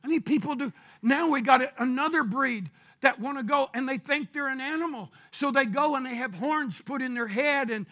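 A man preaching a sermon as pastor, shouting his points and drawing out scripture verses slowly. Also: very high voice. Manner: preaching with shouted emphasis and drawn-out scripture reading.

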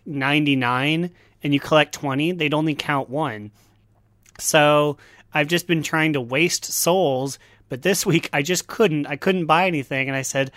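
A man's voice: a little high, a bit bright, no echo, studio quality. A man co-hosting a casual gaming podcast, often laughing mid-sentence as he tells his story. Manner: laughs often while talking. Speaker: podcast co-host.

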